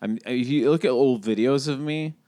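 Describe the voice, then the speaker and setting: A man's voice: mid-range voice, normal speed, mellow, dry recording. A man in his thirties co-hosting a podcast, talking casually and reflectively with many restarts. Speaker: podcast co-host.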